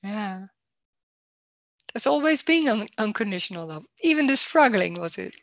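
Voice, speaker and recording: A woman hosting a spiritual talk on a video call, searching haltingly for words with many restarts. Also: medium pitch, very animated, creaky, fairly bright tone, dry recording, highs cut off. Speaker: non-duality talk host. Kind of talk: casual spiritual conversation over video call.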